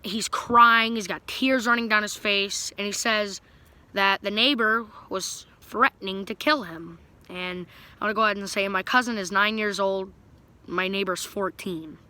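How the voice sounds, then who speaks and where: Bright-voiced young guy rambling a story. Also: high voice, fairly even intonation, normal speed, smooth. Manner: rambling, with many fillers and restarts. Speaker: vlogger. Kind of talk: casual storytelling to camera.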